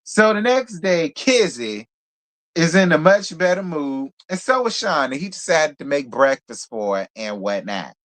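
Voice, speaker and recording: Man, fairly high voice, sassy, blunt live recap. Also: big pitch swings, a little slow, fairly bright tone. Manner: sassy, blunt, talks straight to viewers. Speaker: reality show reviewer. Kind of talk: live stream recap chat.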